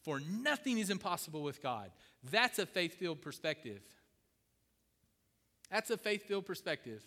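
A man's voice: high-pitched, big pitch swings, normal speed, bright, forceful tone, long reverb tail. A middle-aged man preaching a sermon, emphatic, repeating key phrases and asking his congregation questions. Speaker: pastor.

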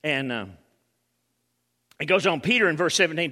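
A man preaching a sermon, acting out reactions with sudden shouts. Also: mid-range voice, expressive, normal speed, long reverb tail.

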